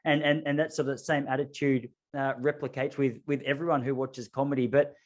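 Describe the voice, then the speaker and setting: A man's voice: mid-range voice, level tone, fairly quick, lo-fi sound. A man hosting a podcast, talking in casual chat, earnest and reflective. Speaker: podcast host.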